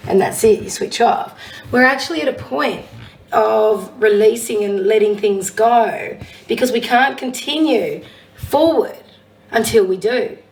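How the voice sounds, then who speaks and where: A woman with a husky voice, a psychic medium giving a casual oracle card reading and reading affirmations aloud. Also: a little high, distant mic, poor audio. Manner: chatty, warm-hearted encouragement, reads affirmations aloud.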